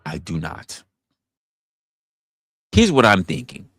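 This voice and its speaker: A man's voice: on the low side, normal speed, gravelly, no room sound, studio quality. A young man hosting a casual livestream, rambling with lots of stammering restarts. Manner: rambling, stammering restarts, animated put-on quotes. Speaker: livestream host. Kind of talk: casual unscripted livestream chat.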